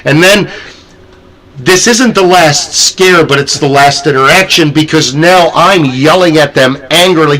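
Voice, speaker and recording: A man telling haunted house stories in a casual podcast chat, lively, often jumping into loud acted character voices. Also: fairly high pitch, measured pace, low-quality recording. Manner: animated, acts out scenes with sudden loud character voices.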